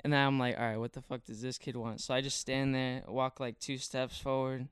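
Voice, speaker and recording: A young man tells a story in casual, loose, slangy chat, leaning heavily on fillers. His mid-range voice is very clean, clear and resonant, with a flat delivery at a brisk pace. The recording is close and dry, with no room sound around it.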